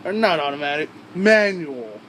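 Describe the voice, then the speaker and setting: Young male vlogger, high voice, rambling and crude, faint hum behind. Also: expressive, moderate pace, a bit bright, low-quality recording. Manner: rambling, profane, with frequent asides and restarts. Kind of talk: rambling casual storytelling.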